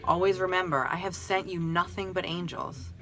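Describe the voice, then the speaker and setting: A woman voicing a loving, all-knowing God who makes soft, solemn pronouncements in a storybook reading. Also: lowish voice, steady tone, moderate pace, soft background music.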